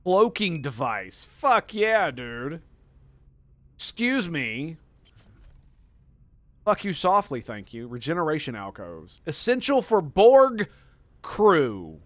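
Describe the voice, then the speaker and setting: A man giving let's play commentary as a gaming streamer, excitable and profane, gushing over every detail. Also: on the high side, slow, pauses often, no room sound.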